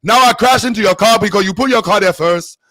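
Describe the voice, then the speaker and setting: An insistent, argumentative male driver with a mock Nigerian accent, pitched high and loud, as a man puts him on. The delivery is overacted and comic, and the sound is dry. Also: fast talker, no room sound. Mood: indignant. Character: indignant male driver blaming the other car.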